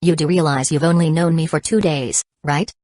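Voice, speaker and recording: A woman voicing a calm, blunt young man who speaks steadily and matter-of-factly. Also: low-pitched, normal speed, no room sound, studio quality. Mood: steady.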